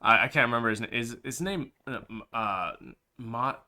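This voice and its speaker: A man's voice: medium pitch, moderate pace, bright, forceful tone. A young man co-hosting a podcast, talking hesitantly in casual chat, repeating himself and swearing freely. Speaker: podcast co-host.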